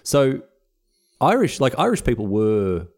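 A man's voice: mid-range voice, wildly swooping pitch, a little slow, darkish tone. A man, co-hosting a casual podcast, joking with playful sarcasm and mock-naive questions. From Australia. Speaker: podcast co-host. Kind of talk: casual chat.

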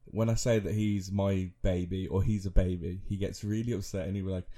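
A man's voice: deep voice, level tone, fairly quick, dark tone. A man in his thirties co-hosting a podcast, rambling through a story with frequent laughs and self-mocking asides. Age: 30s. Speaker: podcast co-host. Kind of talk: casual chat.

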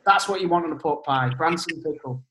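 A man's voice: a little high, brisk, a bit bright, reverberant. A man in casual podcast chat who hesitates and repeats words as he gets going.

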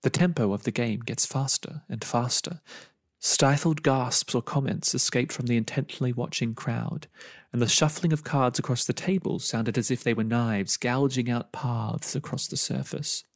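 A man's voice: mid-range voice, creaky, no room sound, clean studio sound. A man narrating a story he wrote, reading expressively with dramatic emphasis.

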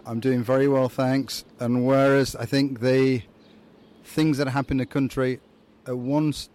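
Man with a Yorkshire accent, street interview; measured, optimistic, mid-range pitch. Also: little pitch movement, noisy background. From England. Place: city street outdoors.

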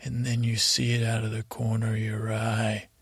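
A man hosting a podcast, telling a meandering bedtime story in a halting way, full of restarts. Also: lowish voice, monotone, slightly rough, dry recording. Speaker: podcast host. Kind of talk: rambling bedtime story narration.

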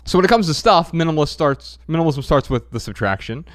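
A man hosting a podcast in casual chat, explaining ideas in a measured way. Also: on the high side, lively intonation, dry recording, clean studio sound. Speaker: podcast host.

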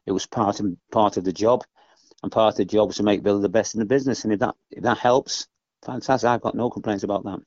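A man's voice: on the low side, fairly even intonation, quick pace, a little mellow, no room sound. An older man, a former footballer, chatting casually as a podcast guest, rambling and often adding "you know what I mean". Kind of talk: casual interview chat. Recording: dull lo-fi dry podcast audio.

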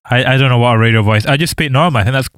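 A man's voice: mid-range voice, very fast, a bit bright, clean tone, no echo. A young man hosting a podcast in casual chat, teasing his guest with dry humor. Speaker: podcast host.

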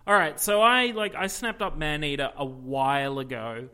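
A man co-hosting a casual podcast, telling rambling, animated stories with plenty of fillers. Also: a little high, normal speed, clean tone. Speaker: podcast co-host. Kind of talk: casual chat about video games.

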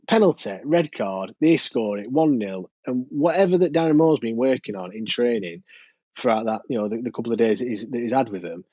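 A man, co-hosting a podcast and talking about football in a frustrated, halting way. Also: medium pitch, darkish tone, husky, dry recording. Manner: frustrated, hesitant, repeats himself. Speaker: podcast co-host. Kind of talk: football fan chat. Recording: dull dry lo-fi podcast audio.

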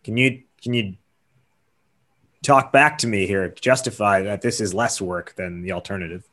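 Lower-voiced man hosting an interview. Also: moderate pace, fairly bright tone. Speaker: podcast host. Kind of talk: casual interview questions.

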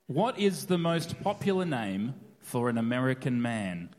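A man's voice: medium pitch, sing-song, unhurried, a little mellow, big-room sound. A man hosting a comedy quiz panel, reading out questions and laughing often. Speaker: quiz host.

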